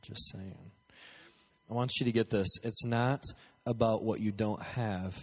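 A man's voice: lowish voice, steady tone, a little slow. Man, pastor, sermon, asks crowd questions, long hall echo. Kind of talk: sermon with prayer. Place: church hall, at a podium.

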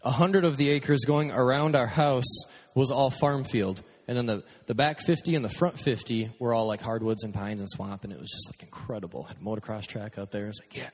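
A man's voice: mid-range voice, brisk. A man preaching a casual storytelling sermon as pastor, joking and acting out his own stories. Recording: long hall reverb.

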